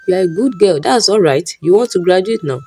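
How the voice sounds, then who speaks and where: A woman's voice: fairly low pitch, lively intonation, fairly quick, darkish tone, husky. A woman voicing a scheming middle-aged male lecturer who talks smugly and turns to stammering. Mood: pleased. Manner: smug, then panicky and stammering.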